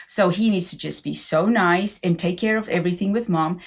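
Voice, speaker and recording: Middle-aged woman host with a low-set voice, thoughtful and conversational. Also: fairly quick. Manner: thoughtful, many fillers and affirmations. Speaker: podcast host. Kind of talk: casual conversational interview.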